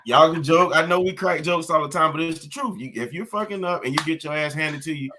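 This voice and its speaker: Earnest man with a bright voice. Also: a little high, fast, hardly any pauses. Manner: earnest, reflective, drops agreeing "yeah"s. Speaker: podcast co-host. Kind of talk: casual group chat.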